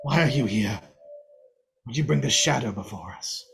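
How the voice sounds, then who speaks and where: A man's voice: mid-range voice, expressive, vocal fry, noisy background. A man doing a haughty elf lord. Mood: grieving. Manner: haughty, slow, emphatic. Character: proud, stern male high elf noble father.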